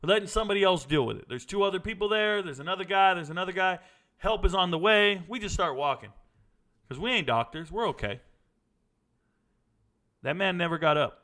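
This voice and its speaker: A middle-aged man casually telling a blunt, animated story as host, cursing now and then. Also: high-pitched, brisk, pauses often.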